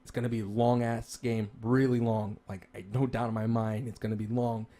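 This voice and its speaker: A man's voice: mid-range voice, little pitch movement, moderate pace, warm tone. A man co-hosting a podcast, chatting casually and enthusiastically, rambling with lots of restarts and fillers. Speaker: podcast co-host. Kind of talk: casual chat about games and movies.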